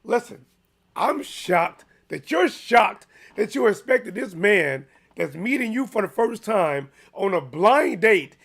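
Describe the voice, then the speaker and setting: Man, casual sports commentary host, animated, slightly hoarse, fairly high-pitched. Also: slow pace. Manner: animated, chatty, with frequent restarts and fillers.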